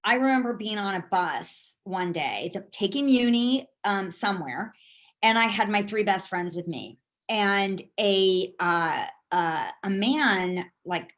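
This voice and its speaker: A middle-aged woman talks over a video call and answers questions at length. She rambles through stories, stopping and restarting with many fillers. Her pitch sits in the middle. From San Francisco, USA. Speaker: board candidate. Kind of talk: casual answers in a video meeting.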